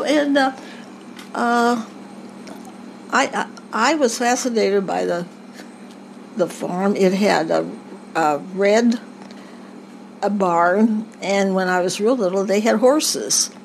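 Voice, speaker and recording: Older woman interviewee, halting rambling reminiscence, faint background hiss. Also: medium pitch, creaky, low-quality recording. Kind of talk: family oral history recollection.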